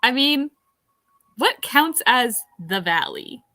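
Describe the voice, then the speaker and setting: A woman's voice: sits high, very animated, takes it slowly, pushed and bright, dry recording, faint music behind. A woman in her thirties from California, chatting wryly as a co-host of a casual reading stream. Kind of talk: casual chat.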